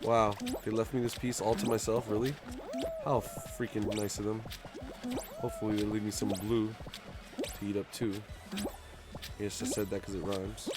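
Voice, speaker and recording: A young man streaming a game live, chatting casually and jokingly, sometimes bursting into loud shouts. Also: on the low side, moderate pace, pauses often, loud music behind the voice. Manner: excitable, jokey, bursts into shouts. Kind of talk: live gaming commentary.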